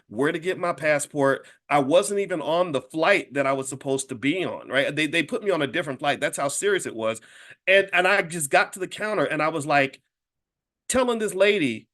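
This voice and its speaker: Brief: fifties man, slightly high voice, lively anecdotal talk, chatty asides to the crowd. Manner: animated, addresses listeners directly as y'all. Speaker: speaker and wealth educator. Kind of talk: casual storytelling talk to an audience.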